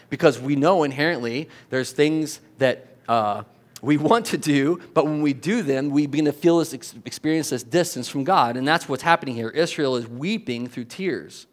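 A man's voice: a little high, moderate pace. A middle-aged man preaching a sermon as a pastor, in a conversational way, often checking in with "right?" and restarting his sentences.

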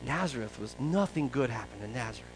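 A man pastor preaching a sermon in a conversational, animated storytelling way. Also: mid-range voice, quick pace, music in the background, low-quality recording.

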